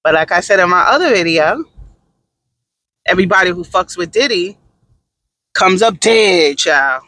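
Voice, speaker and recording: A man doing sassy, animated gossip commentary in a casual vlog, with dramatic asides. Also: high-pitched, normal speed, no room sound. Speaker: vlogger.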